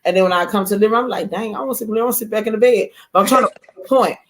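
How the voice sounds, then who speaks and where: A woman guest telling a lively personal story in casual chat, acting out quoted lines. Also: medium pitch, very fast, noisy background. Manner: animated, acts out quoted voices. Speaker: guest author.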